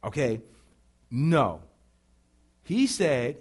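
A pastor preaching with call-and-response, animated and bursting into shouts. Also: male voice, sits high, slow pace, long pauses. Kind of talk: sermon.

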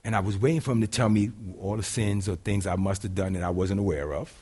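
A middle-aged man preaching a sermon in a casual, folksy way, moving between loud preaching and quiet, hushed storytelling. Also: lowish voice, moderate pace, slightly rough. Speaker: pastor.

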